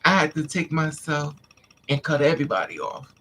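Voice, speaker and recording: A man's voice: a little high, big pitch swings, moderate pace, pushed and bright, a little hiss or hum. A man vlogger intensely telling a painful personal story to his viewers, repeating himself as he vents. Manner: intense, repetitive, venting.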